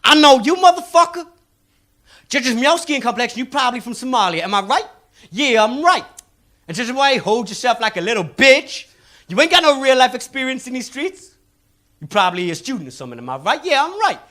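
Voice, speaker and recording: A man playing a brash shouting street hustler. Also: very high-pitched, big pitch swings, quick pace, pitched above the performer's own voice, exaggerated voice. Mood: cocky. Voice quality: loud, swaggering. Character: brash male New York mixtape hustler.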